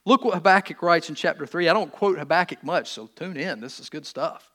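A male pastor preaching a sermon, emphatic, repeating key words and swinging between loud stresses and quiet asides. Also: a little high, brisk.

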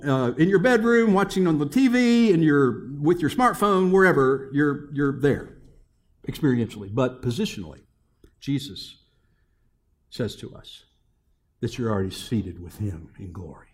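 A middle-aged male pastor preaching a sermon, firing rhetorical questions at the congregation and swinging between loud exhortation and soft, hushed passages. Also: medium pitch, animated, normal speed.

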